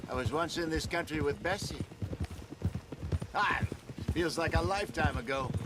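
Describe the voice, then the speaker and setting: A man's voice: on the high side, normal speed, background noise, natural voice. An actor playing an older, refined, courteous con man with a wistful air.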